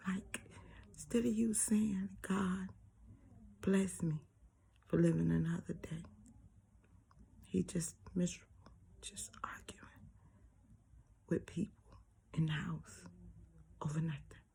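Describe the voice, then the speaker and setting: Older woman, grandmother, gravelly dark voice, breathy asides, preachy repetition. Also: lowish voice, steady tone, slow pace, pauses often, slight background noise. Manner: often drops to a breathy near-whisper; preachy, repeats phrases for emphasis. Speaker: vlogger. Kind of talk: casual personal monologue.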